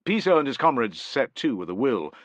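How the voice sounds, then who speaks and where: A man narrating a war audiobook with an expressive, dramatic reading. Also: mid-range voice, fairly quick, dry recording.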